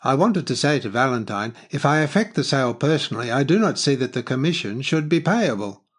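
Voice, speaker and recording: A man's voice: medium pitch, big pitch swings, fairly quick. A man reading the part of a prim, businesslike middle-aged woman in an audiobook, raising his voice a little for her.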